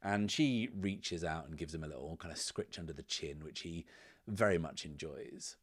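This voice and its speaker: A man's voice: rumbling low, normal speed, slightly rough. A man hosting a solo tabletop game, casually narrating and explaining rules, whispering to himself as he rolls dice. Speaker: host and solo game player.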